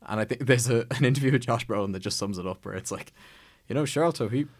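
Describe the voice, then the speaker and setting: Fast-talking low-voiced man. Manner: rambling, acts out quotes from films. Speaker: podcast host. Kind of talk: casual film discussion.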